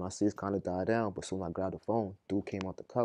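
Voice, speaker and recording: Young man, rapid storyteller, low mellow voice, dry close sound. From Boston. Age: young adult. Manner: animated, acts out prison dialogue, street slang. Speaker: podcast guest. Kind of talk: casual storytelling.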